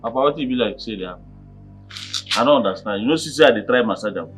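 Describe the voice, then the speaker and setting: A man's voice: mid-range voice, animated, fast, close to an everyday voice. An actor with a Nigerian Pidgin accent playing a brash young man who complains and argues. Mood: protesting. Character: cocky young man arguing with his father. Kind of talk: film acting. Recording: music in background.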